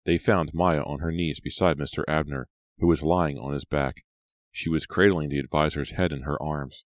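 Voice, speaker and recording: A man narrating an audiobook in a steady storytelling voice. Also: rumbling low, moderate pace, dry recording. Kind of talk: scripted narration.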